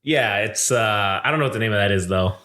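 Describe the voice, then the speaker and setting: A man's voice: on the low side, a little fast, pushed and bright. A man co-hosting a comic book review podcast, chatting casually with amused, profane commentary. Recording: roomy echo.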